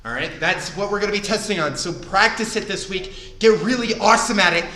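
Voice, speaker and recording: A man teaching a live online karate class, coaching upbeat and counting moves with shouted kiai. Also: high-pitched, fairly quick. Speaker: karate instructor. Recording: echoey room, voice far from the mic.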